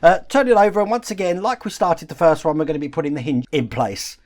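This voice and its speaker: A man hosting a model-building channel, calmly explaining each step of the build while he works with his hands. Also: fairly high pitch, fast, slight background noise.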